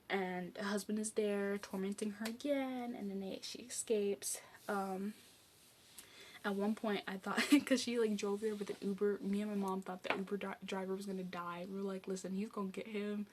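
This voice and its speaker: A woman's voice: mid-range voice, a little mellow, slight background noise. Chatty young woman rambling through a recap. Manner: rambling, chatty, heavy use of "like" and "um". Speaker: movie review vlogger. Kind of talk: casual spoken movie recap.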